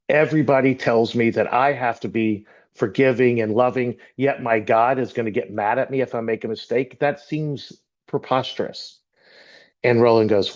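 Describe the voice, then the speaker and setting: A middle-aged man shares his faith story in an earnest, emotional way, often restarting his sentences as he talks. His voice sits at an ordinary pitch. The recording sounds a little dull and lo-fi. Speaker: church member sharing testimony. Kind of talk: personal testimony talk.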